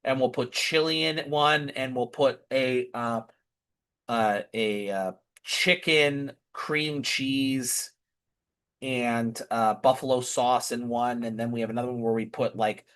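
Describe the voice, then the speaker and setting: A man's voice: medium pitch, steady tone, takes it slowly, fairly bright tone. A man chatting casually through a family update, rambling and often restarting and correcting himself mid-sentence. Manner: chatty, easily amused. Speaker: vlogger.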